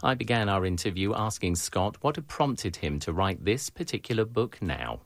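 A man hosting a public radio morning show, interviewing and reading announcements in a measured, polished way into a studio microphone. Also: on the low side, very animated, no room sound. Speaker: radio host.

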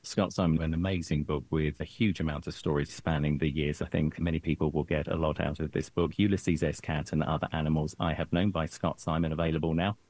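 A man hosting a public radio morning show, interviewing and reading announcements in a measured, polished way into a studio microphone. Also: extremely low pitch, flat delivery, darkish tone, dry recording. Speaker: radio host.

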